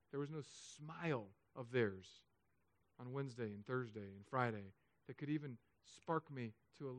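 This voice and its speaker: A man preaching a sermon as pastor, emotional, swinging between loud urging and soft, hushed stretches. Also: mid-range voice, dry recording.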